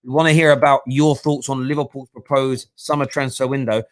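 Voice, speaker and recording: A man's voice: medium pitch, level tone, fairly quick. A man hosting a live-streamed football fan talk show, giving opinionated analysis and thinking aloud with restarts.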